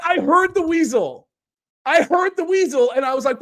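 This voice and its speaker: A man hosting a livestream in casual chat, rambling, excitable and swearing constantly. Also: very high-pitched, moderate pace. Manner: profane, rambling and excitable, with many restarts. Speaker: livestream host.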